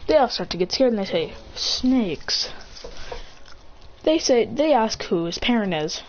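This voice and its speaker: A woman tells a story casually, her pitch leaping up and down as she acts out the lines. Her voice sits a little high. The recording is muffled, with a faint hiss behind it. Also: fairly quick. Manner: animated, acting out lines and sound effects. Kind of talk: casual retelling of a fan story.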